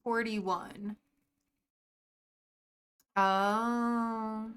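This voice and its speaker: A woman's voice: on the high side, little pitch movement, very slow, fairly bright tone, clear, resonant tone. A young woman streaming a game, chatting casually and answering her viewers by name as she reads the chat.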